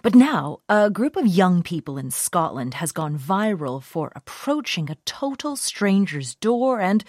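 A woman's voice: lowish voice, sing-song, unhurried, a little mellow, dry recording, clean studio sound. A woman hosting a news podcast, reading a scripted presentation. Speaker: podcast host.

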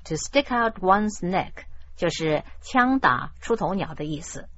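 A woman hosting a radio language lesson who explains idioms in a measured, explanatory way. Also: fairly low pitch, expressive, fairly bright tone. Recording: dull lo-fi radio broadcast.

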